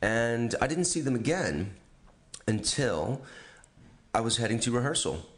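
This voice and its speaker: A man telling a funny personal anecdote in a casual podcast chat, acting out the voices of the people in it. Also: measured pace. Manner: animated storytelling, acts out quotes with pitch jumps. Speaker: storyteller on a podcast.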